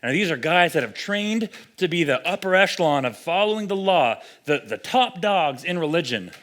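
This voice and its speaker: Animated, chatty male pastor, slightly high. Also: moderate pace. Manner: conversational, animated, acts out quoted voices. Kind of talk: sermon.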